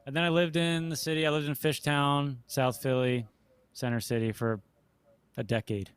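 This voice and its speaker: Casting: male musician guest from South Jersey, laid-back, mid-pitched voice, dry call audio. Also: little pitch movement, normal speed, clean tone, dry recording. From South Jersey and Philadelphia. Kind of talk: casual chat.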